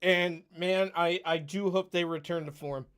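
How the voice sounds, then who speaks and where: A man's voice: high-pitched, fairly even intonation, a little slow, fairly bright tone, clean tone. A man co-hosting a podcast, chatting casually and laid-back, often agreeing. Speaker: podcast co-host. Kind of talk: casual banter.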